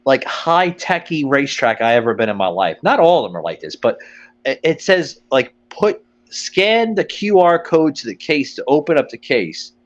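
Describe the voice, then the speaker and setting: A man's voice: medium pitch, sing-song, normal speed, lo-fi sound. A man hosting a podcast, telling a rambling, profane comic story and quoting people along the way. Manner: profane, rambling, quotes people in put-on voices. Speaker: podcast host. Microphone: phone line.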